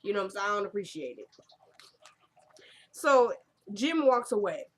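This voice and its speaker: A woman's voice: mid-range voice, sing-song, normal speed. A young woman recapping a TV episode in casual chat, rambling and talking straight to her viewers at home.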